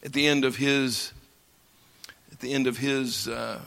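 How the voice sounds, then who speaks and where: A man from the United States teaching a lecture on scripture, slow and emphatic, pausing for effect and building his lines up. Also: mid-range voice, little pitch movement, gravelly, fairly bright tone. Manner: slow, emphatic delivery with dramatic pauses and swells. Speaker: Bible teacher. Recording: long reverb of a large hall.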